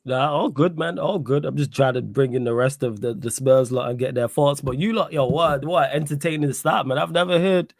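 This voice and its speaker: A man's voice: medium pitch, a little fast, hardly any pauses, dry recording, studio quality. A man hosting a casual livestream, laid-back, greeting the chat and asking questions. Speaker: livestream host.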